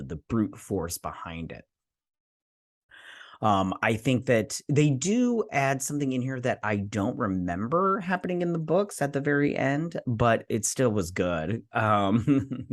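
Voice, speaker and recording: A man with a lowish voice hosts a TV review channel, chatting casually with his viewers through a spoken episode review full of fillers and self-corrections. He speaks to them directly. The recording is dry and studio quality.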